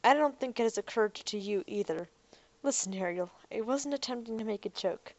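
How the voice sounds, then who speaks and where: A woman reading the part of an earnest, clever young man in an audiobook, talking in a slightly hurried, explaining way. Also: fairly high pitch, expressive, a little mellow, dry recording, close to an everyday voice. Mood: apologetic.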